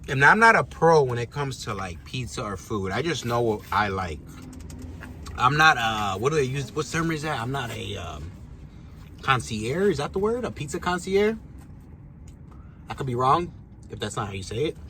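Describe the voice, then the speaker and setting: A man from Chicago, eating pizza and chatting casually in a mukbang vlog, with a relaxed, chatty manner. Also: medium pitch, moderate pace, a little hiss or hum. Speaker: vlogger. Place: parked truck.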